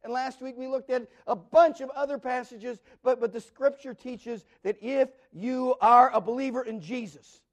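A man with a very high voice preaches a Bible study. He is earnest, often repeating himself and asking rhetorical questions. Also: fairly even intonation, moderate pace, hardly any pauses.

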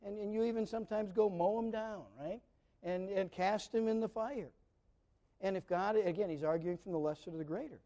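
Male pastor, middle-aged, high mellow voice, chatty sermon with loud emphatic swells. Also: fairly quick. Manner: conversational preaching with frequent restarts, rising to loud emphatic peaks.

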